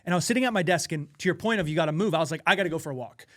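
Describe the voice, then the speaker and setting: A man co-hosting a podcast, telling a personal story in an animated way with frequent swearing. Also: on the high side, racing. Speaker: podcast co-host. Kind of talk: casual podcast chat.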